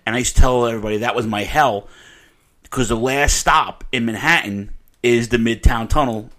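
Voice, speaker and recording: A man's voice: mid-range voice, moderate pace, fairly bright tone. A man hosting a casual podcast chat, a rambling storyteller who swears and restarts often. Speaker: podcast host.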